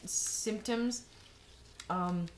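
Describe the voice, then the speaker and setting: A woman's voice: medium pitch, very slow. A woman vlogger giving frank, rambling advice in a casual monologue, full of fillers and restarts. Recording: echoey room, faint noise.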